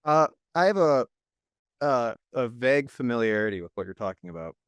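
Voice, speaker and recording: A man co-hosting a casual podcast, chiming in with quick replies. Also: medium pitch, sing-song, clear, resonant tone, no room sound. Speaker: podcast co-host. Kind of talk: casual chat.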